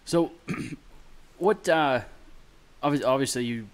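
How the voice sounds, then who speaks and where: A man's voice: mid-range voice, lively intonation, slow pace. Easygoing man hosting a podcast. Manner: easygoing, joking. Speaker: podcast host. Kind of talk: casual chat.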